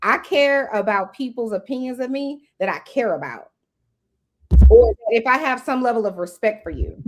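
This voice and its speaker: A woman's voice: fairly high pitch, lively intonation, normal speed. A woman hosting a casual online panel chat, talking bluntly and profanely about online drama. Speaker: host.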